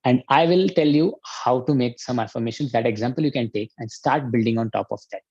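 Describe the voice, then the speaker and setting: Indian male coach, husky voice, dry dull audio, energetic and pushy. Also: mid-range voice, fairly quick, no room sound. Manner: energetic, urging, repeats commands. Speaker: life coach. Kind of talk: online workshop teaching.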